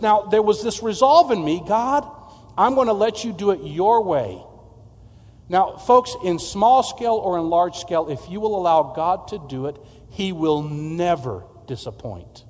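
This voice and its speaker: A man with a high, light voice delivers a storytelling sermon as pastor, earnest and emphatic, and he often repeats his phrases. His words ring out with a long reverb, as in a large church sanctuary.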